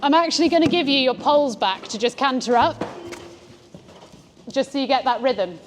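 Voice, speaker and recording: A woman giving calm, encouraging instructions as a riding coach. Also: high voice, moderate pace, slight background noise. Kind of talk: coaching a rider. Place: outdoor riding arena.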